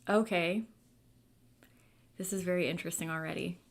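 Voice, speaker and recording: A woman's voice: lowish voice, fairly even intonation, normal speed. A woman hosting a book club livestream, chatting casually and reading viewer comments aloud with lots of fillers.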